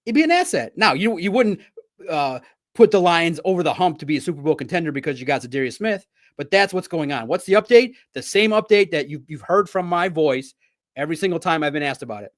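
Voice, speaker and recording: Man, somewhat high voice, animated and playful, live sports stream host, talking straight to viewers. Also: brisk.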